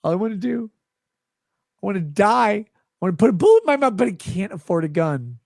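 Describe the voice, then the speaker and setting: A man putting on a high, whining voice to mock a desperate man who begs for attention. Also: big pitch swings, a little fast, creaky, darkish tone, no room sound, studio quality, heavily acted. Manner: high sobbing mocking whine. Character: whiny desperate adult man begging, mocked.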